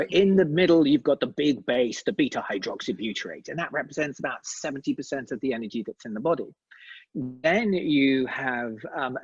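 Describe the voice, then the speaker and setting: A man in his forties talks as an interview guest, pausing often and restarting his sentences. His voice is husky and a little breathy. The sound is dry and slightly muffled, like a remote call. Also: mid-range voice, no echo. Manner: hesitant, many fillers and restarts. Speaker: company co-founder guest. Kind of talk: conversational interview.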